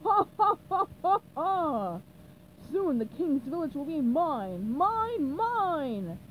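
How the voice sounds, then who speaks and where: A tiny, gloating evil wizard who cackles and barks orders loudly, as a woman reads him out. He is pitched somewhat high, with lively swings. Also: takes it slowly, slight background noise, full character voice, poor audio.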